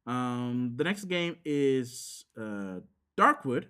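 A man's voice: medium pitch, big pitch swings, drawn-out words, pushed and bright, clear, resonant tone. A man, chatting casually on a podcast and rambling with lots of fillers and restarts. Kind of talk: casual chat about games.

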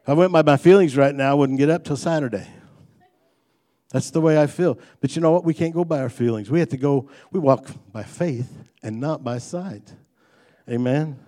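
A man's voice: fairly high pitch, normal speed, warm tone. A man delivers a sermon in a folksy, conversational manner. He mixes light humor with rising emphasis on his main points, sounding like a pastor talking straight to his congregation.

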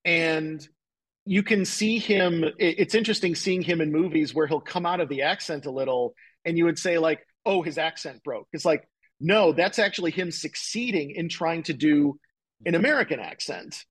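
Husky man chatting enthusiastically. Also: on the high side, normal speed, low-quality recording. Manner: rambling, enthusiastic, many fillers like "like" and "you know". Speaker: podcast guest. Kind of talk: casual chat.

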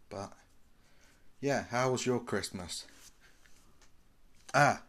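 Male podcast host, low-ish voice, unhurried, rambling self-deprecating delivery. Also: a bit bright. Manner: rambling, self-mocking, tongue-tied wordplay. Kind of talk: casual solo podcast chat.

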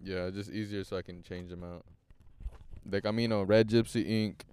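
A man's voice: sits low, steady tone, normal speed, darkish tone, slight background noise. A young man hosting a podcast, talking casually and profanely while driving, switching between English and Spanish. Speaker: podcast host. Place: inside a car on the highway.

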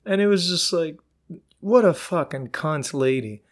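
In a fairly high-pitched, animated voice that never hurries, a man runs his own podcast alone. He spins stories in a loose, foul-mouthed, casual monologue.

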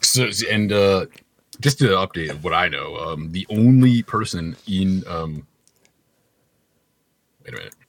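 A man co-hosting a podcast, chatting casually and joking with quick banter. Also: low-pitched, animated, slight background noise. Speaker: podcast co-host.

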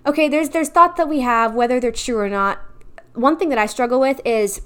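A young woman in her twenties talks earnestly and personally about her faith as a podcast host. Her voice sits a little high, and her speech is casual and confessional, with many "like"s and "you know"s. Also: brisk, smooth.

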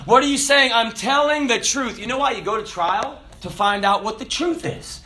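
A man preaching a sermon, emphatic and animated, with dramatic pauses. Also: very high voice.

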